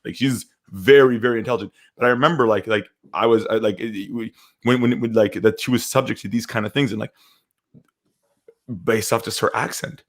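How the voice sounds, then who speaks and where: A man's voice: on the low side, fairly even intonation, brisk. A young man co-hosting a podcast, telling personal stories in a candid, rambling way. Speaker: podcast co-host. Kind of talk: casual podcast chat.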